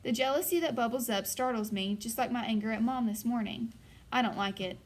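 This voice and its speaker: A woman's voice: a little high, fairly quick. Woman narrating a first-person audiobook.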